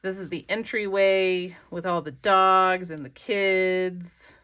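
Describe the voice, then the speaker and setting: A woman's voice: lowish voice, fairly even intonation, takes it slowly, sharp tone, smooth. A woman craft vlogger chatting casually as she flips through her pages, rambling and gushing over favorites. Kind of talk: casual flip-through commentary. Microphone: desk camera.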